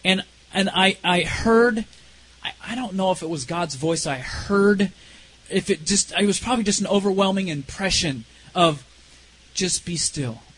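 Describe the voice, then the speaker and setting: A man telling an emotional personal testimony in an earnest, halting way, his voice dropping low and soft at the most intense moments. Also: a little hiss or hum, low-quality recording. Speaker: speaker sharing a personal testimony.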